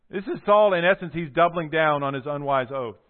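Animated male preacher on tinny audio. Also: on the high side. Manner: animated storytelling, voices the figures' quotes. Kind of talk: sermon.

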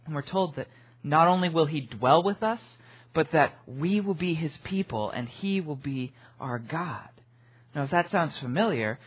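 A male pastor preaching a sermon with a slightly high, husky voice. He talks earnestly, dropping to a hush and then rising to emphatic peaks. The recording sounds dull and lo-fi. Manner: earnest, swings from hushed to emphatic, repeats words.

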